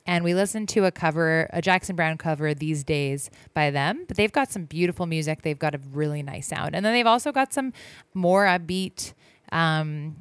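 Casual female radio host, 30s, smooth voice, dry close mic, rambling between tracks. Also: lowish voice, fairly bright tone, no echo. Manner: chatty and rambling, with many ums and self-corrections.

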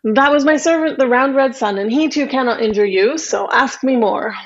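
A woman's voice: high voice, normal speed, voice pushed up. A woman voicing a cranky old storybook witch, snappy and grumbling, over a slightly muffled recording. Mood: impatient. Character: cranky old witch Baba Yaga, gruff.

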